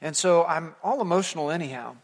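A male pastor preaches from the pulpit, his slightly high voice carrying a long reverb tail through the sanctuary. He tells stories earnestly, swelling to emphatic points and then sinking to near-quiet asides. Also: fairly quick. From United States. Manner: storytelling, earnest, builds to emphatic points then drops soft. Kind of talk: sermon. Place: church sanctuary.

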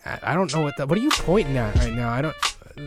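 A man's voice: medium pitch, sing-song, quick pace, over music. A man co-hosting a casual podcast from a studio, rambling in a laid-back way and saying "dude" often. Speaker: podcast co-host. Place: small recording studio. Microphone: studio microphone.

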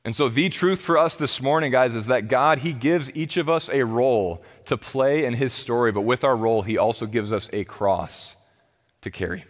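Impassioned pastor preaching in a reverberant hall. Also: male voice, normal speed. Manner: impassioned, swings between loud pleading and low quiet emphasis. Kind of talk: sermon.

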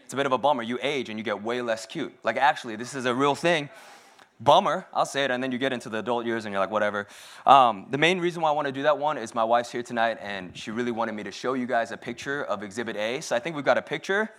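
A man's voice: medium pitch, quick pace, fairly bright tone. Joking, self-deprecating young man preaching. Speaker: speaker at a church service. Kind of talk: casual humorous sermon.

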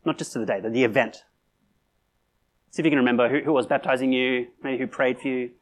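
A man's voice: mid-range voice, steady tone, fast. A man preaching a sermon in a conversational way, with fillers and restarts, building to emphatic peaks. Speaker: pastor.

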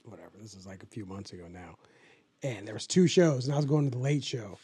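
A man's voice: on the low side, animated, fast, dark tone, breathy edge. A young adult man co-hosting a podcast in casual chat, rambling and profane with lots of filler words. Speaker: podcast co-host.

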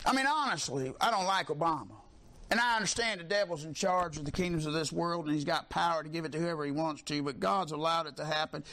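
A man preaching a sermon, fiery, swinging from low talk to high shouts. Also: fast talker.

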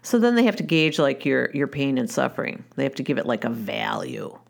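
A woman with a notably low-pitched voice tells a story from her own life. Her delivery is candid and wry, with the loose rhythm of conversation and frequent restarts. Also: sing-song, a little fast, creaky. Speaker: wife and mother. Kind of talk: personal storytelling.

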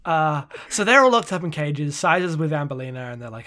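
A co-host with a mid-pitched voice, talking through a comic with sarcastic, animated energy. Swearing comes easily, and laughs break in often. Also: fairly quick. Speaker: podcast co-host. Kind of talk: casual comic recap chat.

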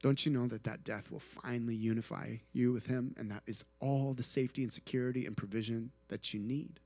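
A man preaching a sermon at an outdoor tent gathering, earnest, moving between soft hushed passages and rising emphatic ones. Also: mid-range voice, steady tone, a little fast, dry recording. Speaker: pastor.

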